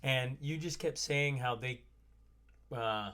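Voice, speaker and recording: A man's voice: mid-range voice, slow pace, fairly bright tone, clean tone. A man hosting a podcast, asking questions in a loose, rambling way with lots of "like". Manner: rambling, fills with "like". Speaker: podcast host. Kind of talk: casual interview chat.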